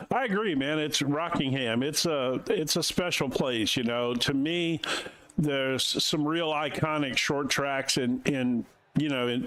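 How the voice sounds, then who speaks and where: A man co-commentating and producing a sim race broadcast, relaxed and musing with many fillers. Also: medium pitch, poor audio.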